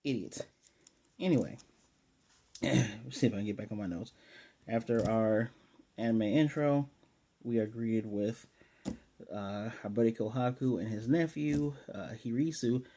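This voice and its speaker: A man's voice: mid-range voice, a little slow, pauses often, dark tone. A man giving a casual, rambling episode recap and review of an anime, with sarcastic asides.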